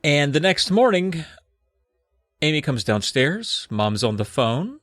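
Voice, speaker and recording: A man co-hosting a comedy podcast, retelling a plot with jokey, animated storytelling. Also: on the high side, slow pace, no echo, studio quality. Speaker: podcast co-host.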